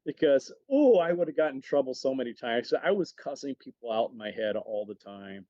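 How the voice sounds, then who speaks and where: A man chatting as a podcast guest, telling stories animatedly with lots of quick restarts. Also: medium pitch, lively intonation, mellow, no room sound. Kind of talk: casual chat, storytelling. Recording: dull dry sound.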